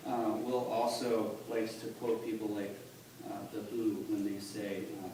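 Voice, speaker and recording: A man giving a halting, earnest personal testimony at church, recorded on a phone from the congregation. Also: fairly low pitch, level tone. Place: church sanctuary. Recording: echoey church on a distant phone, noisy.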